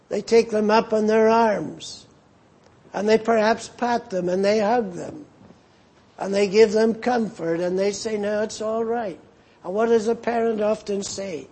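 A man preaching a sermon in a slow, earnest manner that rises as it builds. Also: sits high, a little mellow, husky.

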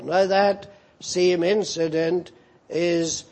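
A man preaching a sermon, deliberate and pausing with fillers, posing rhetorical questions to his listeners. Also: high-pitched, a little mellow.

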